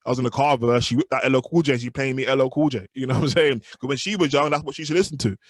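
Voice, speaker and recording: A man's voice: medium pitch, racing, no room sound, clean studio sound. A young man from the United Kingdom, a rapper chatting casually in an interview and filling his talk with "you know what I mean". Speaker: rapper guest.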